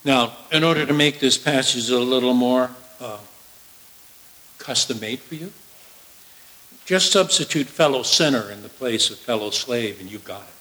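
A male preacher giving a sermon and reading scripture, emphatic, swinging from loud declarations to hushed asides. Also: medium pitch, normal speed, low-quality recording.

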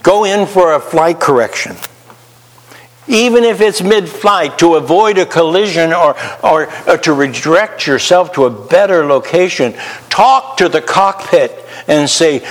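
A man's voice: fairly high pitch, animated, in a large hall. A man preaching a sermon, asking the listeners questions and acting out the voice of conscience. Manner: slow, rhetorical questions, acts out the inner voice. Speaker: pastor.

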